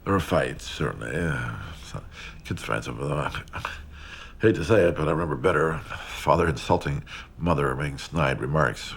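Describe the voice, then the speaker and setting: An older man in a documentary interview, speaking in a halting way, repeating words and trailing off into a whisper. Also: a bass voice, creaky, fairly bright tone.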